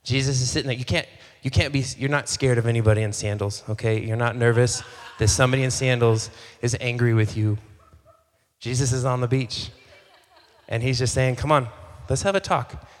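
A man preaching a sermon as a pastor, in a relaxed, conversational way, acting out little bits of dialogue and often repeating phrases. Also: medium pitch, a little fast, big-room sound. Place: church hall.

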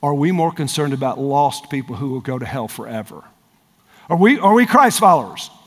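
A male pastor preaching a sermon, emphatic, calling out to the congregation and climbing higher and louder when fired up. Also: animated, fairly quick, long reverb tail. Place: large church hall with multiple campuses.

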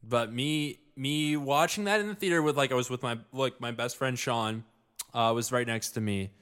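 A man in casual podcast chat, rambling and halting with lots of restarts and jokes. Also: mid-range voice, fairly bright tone, clear, resonant tone. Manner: rambling, halting, many likes and restarts, joking.

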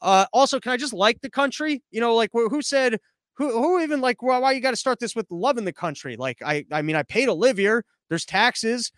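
A man's voice: very high voice, animated, brisk, fairly bright tone, no room sound, studio quality. A man hosting a podcast as a live stream, rambling through viewer comments in a sarcastic, crude, offhand way. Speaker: podcast host.

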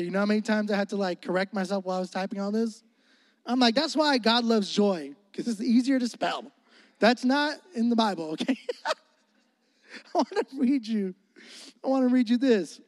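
A young man preaching a sermon as pastor, animated and joking, calling for responses from the congregation. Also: sits high, no echo, in a large hall.

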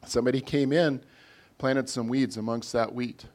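A man, a pastor, preaching a sermon in a conversational way, his loudness rising and falling as he makes his points. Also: medium pitch, fairly even intonation, moderate pace.

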